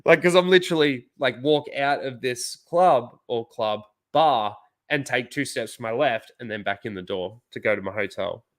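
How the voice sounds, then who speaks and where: Young Australian host, casual profane storyteller, loose and rambling delivery. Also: male voice, medium pitch, normal speed, hardly any pauses, fairly bright tone. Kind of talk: casual chat.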